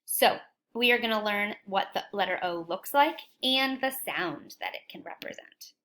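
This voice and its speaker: A woman teaching a phonics lesson to young children, cheerful and encouraging, asking questions and sounding out letters slowly and clearly. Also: mid-range voice, lively intonation, bright, forceful tone.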